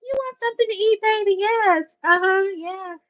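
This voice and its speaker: A woman putting on a syrupy sweet lady. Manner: syrupy, drawn-out, high and soft. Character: sugary-sweet Southern woman luring you in. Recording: dull dry lo-fi sound.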